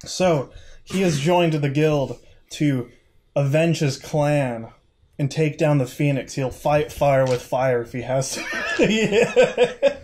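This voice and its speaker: A man's voice: a little high, steady tone, slow pace, darkish tone, a little hiss or hum. A man at a tabletop game session, chatting casually about his character and laughing often as he talks. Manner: laughs often while talking.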